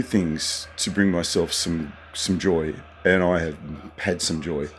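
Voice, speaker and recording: A man's voice: low voice, fairly even intonation, slow, a little hiss or hum, low-quality recording. An older man telling stories in a chatty, rambling monologue from a motel room at night, sometimes swearing. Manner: chatty, anecdotal, occasionally profane. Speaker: vlogger.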